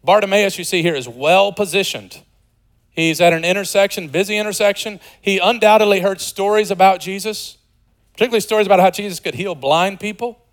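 A man in his forties preaching a sermon, shifting from loud and excited to soft and hushed, with conversational, joking asides. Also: sits high, a little fast, low-quality recording. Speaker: pastor.

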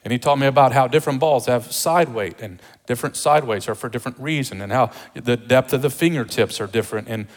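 A pastor preaching a sermon with emphasis, repeating rhetorical questions to the congregation. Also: male voice, medium pitch, quick pace, hardly any pauses, long reverb tail.

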